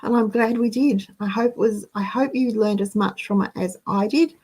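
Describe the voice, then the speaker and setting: A woman's voice: medium pitch, normal speed, a little mellow, breathy edge, rough recording. A woman hosting a casual live chat, reading out viewer comments as she talks to her audience. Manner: chatty, reads out viewer comments. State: out of breath. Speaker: host.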